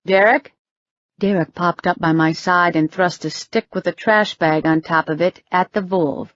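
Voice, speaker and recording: A woman's voice: fairly even intonation, moderate pace, fairly bright tone, no echo, muffled recording. A woman narrating a novel and reading all of its characters herself. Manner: reads all characters, rising in pitch for them. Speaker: audiobook narrator. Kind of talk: scripted narration.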